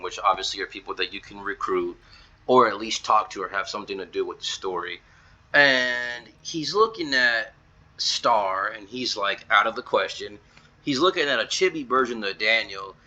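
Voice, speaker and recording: A man's voice: on the low side, moderate pace, pushed and bright, dull audio. A man casually retelling and comparing scenes from a game and its manga, stringing quotes together with lots of "he's like" and fillers. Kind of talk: casual commentary video.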